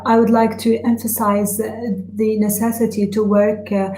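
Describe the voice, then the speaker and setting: A woman interprets a webinar live and relays each speaker in turn. Her delivery halts often, with filler sounds and restarts. Her mid-pitched voice is mellow and sits in a roomy, echoing space. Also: flat delivery, moderate pace, faint music behind. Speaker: simultaneous interpreter.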